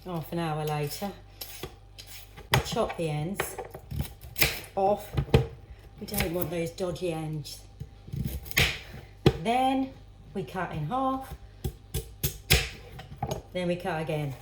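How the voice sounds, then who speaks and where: Very slow and marked by long pauses, this woman's fairly low voice comes through a very noisy recording. She's vlogging in her home kitchen, chatting casually to herself and her viewers as she chops vegetables amid echoes and clattering pans.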